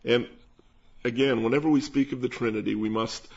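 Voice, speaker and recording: A man preaching, teaching verse by verse through a Bible passage at an unhurried pace. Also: medium pitch. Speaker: pastor. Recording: dull lo-fi sound.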